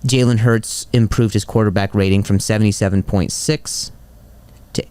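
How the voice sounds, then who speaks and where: Smooth-voiced man talking sports. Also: lowish voice, moderate pace. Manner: excitable, repeats catchphrases, walks through stats. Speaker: podcast co-host. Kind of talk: casual sports chat.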